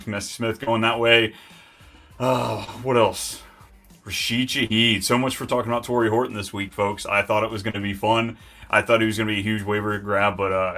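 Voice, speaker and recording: A man hosting a live fantasy football stream, talking in an excitable, hyped and rambling way. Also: fairly low pitch. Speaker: host.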